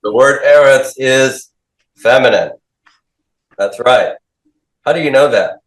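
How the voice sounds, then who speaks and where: Taking his time, a medium-pitched man questions and drills a class and says their answers back. The clip is a call-and-response classroom lecture, recorded with echo.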